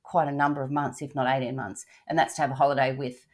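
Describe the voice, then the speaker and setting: Here the travel podcast host is an older Australian woman with a bass voice who talks fast in a level tone. Her casual, cheerful chatter is sprinkled with fillers and restarts.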